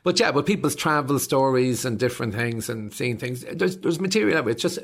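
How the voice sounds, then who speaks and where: A man's voice: medium pitch, brisk. An Irish man in his fifties, a stand-up comedian chatting in an interview and acting out voices as he tells stories. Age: 50s. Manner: animated storyteller acting out voices. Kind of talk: casual interview chat.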